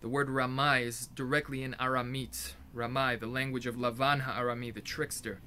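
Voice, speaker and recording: A man's voice: mid-range voice, little pitch movement, moderate pace, bright, forceful tone, a little hiss or hum. A man giving an informal explanatory talk as a religious teacher, earnest and emphatic, often restarting his sentences mid-thought.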